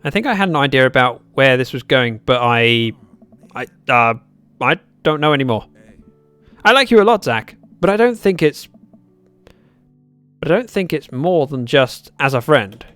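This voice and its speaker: A man reading an awkward, gentle adult man in a dating game, halting and stumbling over his words. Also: mid-range voice, very animated, no room sound, soft background music, voice pushed down.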